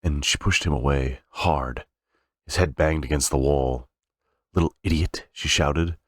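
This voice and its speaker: A man with an extremely deep voice sight-reads a novel aloud. He halts now and then, fixing slips and restarting phrases. The recording is dry and close. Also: fairly even intonation, unhurried, dry recording. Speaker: reader. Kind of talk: unrehearsed novel reading.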